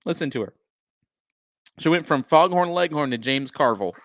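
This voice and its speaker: A man's voice: a little high, lively intonation, normal speed. Incredulous mocking male commentator. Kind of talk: reaction commentary for a live stream.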